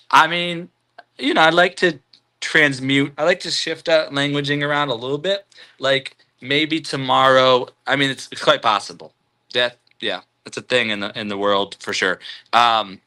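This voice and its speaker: A man hosting a live stream, reading out chat comments and musing in a relaxed, spiritual way, chuckling often. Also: medium pitch, measured pace.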